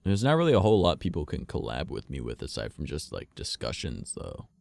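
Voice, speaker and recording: A man chats loosely with his stream audience, drifting from idea to idea and swearing freely. His voice sits low and gravelly, yet it swings widely in pitch. The sound is dry and close, with no room echo. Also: wildly swooping pitch, fairly quick, darkish tone. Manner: rambling, sprinkled with swearing and laughs. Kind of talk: casual chat to stream viewers.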